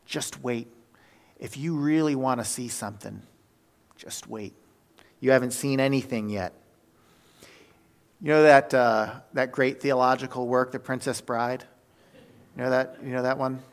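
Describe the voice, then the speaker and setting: A man's voice: medium pitch, moderate pace. Guy preaching a sermon, acts out the stories, lots of uhs and restarts. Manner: animated storytelling with fillers and self-corrections.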